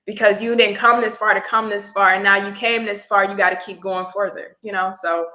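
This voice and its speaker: Woman guest, reflective and emotional storyteller, bright tone, roomy echo. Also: mid-range voice, fairly even intonation, brisk. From Houston area. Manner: reflective, gets teary at times. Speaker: tarot reader guest.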